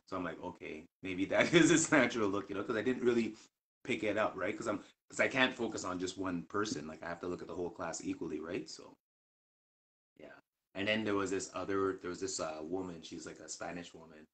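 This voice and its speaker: A man in a casual live chat, telling a long work story in a rambling way, full of fillers and restarts. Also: low-pitched.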